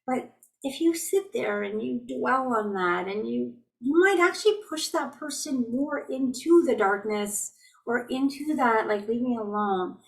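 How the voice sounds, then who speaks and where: A middle-aged woman leading an online group healing call, chatting about everyday frustrations in a gently reassuring, anecdotal way. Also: fairly high pitch, gravelly. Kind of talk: casual spiritual talk to a group. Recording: voice distant from the mic.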